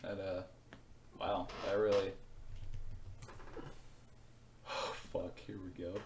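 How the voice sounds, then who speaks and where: Low-voiced young man cursing casually. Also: flat delivery, extremely slow, gravelly, slight background noise. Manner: profane, loose and joking. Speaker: podcast co-host. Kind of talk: casual chat.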